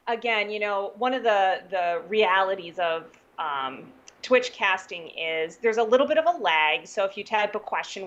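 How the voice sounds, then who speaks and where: A woman's voice: mid-range voice, a bit bright, muffled recording. A woman hosting a coding livestream, bubbly and welcoming, laughing often. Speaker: host.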